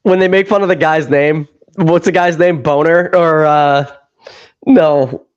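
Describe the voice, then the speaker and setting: A man's voice: on the high side, fairly even intonation, measured pace, clean tone, dull audio. A man co-hosting a casual podcast chat. He laughs a lot, swears freely and acts out movie scenes as he retells them. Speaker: podcast co-host.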